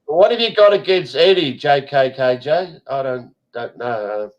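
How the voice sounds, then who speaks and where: A man's voice: medium pitch, animated, normal speed, dull audio. A man hosting a casual group chat over a video call, blunt and rambling, swearing often. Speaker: host.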